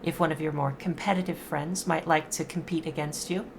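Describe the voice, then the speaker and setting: Brief: woman as a courteous witch hostess, low, soft and measured, for a tabletop game. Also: fairly even intonation, background noise. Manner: polite, measured, soft-spoken. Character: gracious grown woman witch, courteous host.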